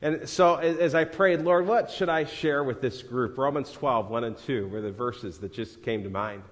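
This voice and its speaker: A man's voice: mid-range voice, normal speed. A man preaching a sermon in a church, talking in a conversational way and rising into dramatic scripture readings. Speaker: pastor. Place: church sanctuary. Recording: live sermon in a large reverberant hall.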